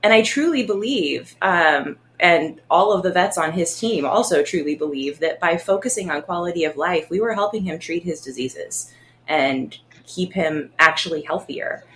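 A woman's voice: lowish voice, lively intonation, normal speed, slight background noise. A woman veterinarian chatting casually on a podcast, talking with feeling and laughing now and then. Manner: warm, emotional, laughs between thoughts.

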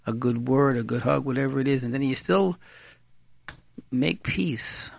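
A man's voice: medium pitch, measured pace, vocal fry. A man giving informal marriage advice on the radio, repeating key words for emphasis and mixing in Hebrew and Yiddish terms.

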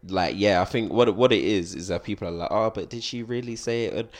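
A man's voice: lowish voice, fairly quick. A young man talking earnestly in a casual chat, often restarting and checking in with listeners. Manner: earnest, restarts often, keeps asking "do you know what I mean".

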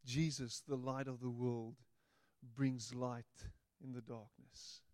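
A man preaching a sermon, playful and animated, slipping into little voices to act out quotes. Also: medium pitch, slow pace, dry recording, clean studio sound. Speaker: pastor.

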